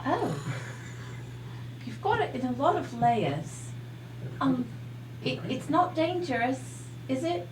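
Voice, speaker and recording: A woman playing in a tabletop role-play game, lively and curious. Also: sits high, slow, pauses often, roomy sound, recorded from a distance, slight background noise, poor audio. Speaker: player.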